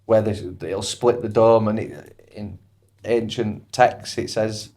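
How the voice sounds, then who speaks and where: A male podcast host with a fairly low voice. He is relaxed and agreeable in casual conversation, often chuckling between thoughts. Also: slow.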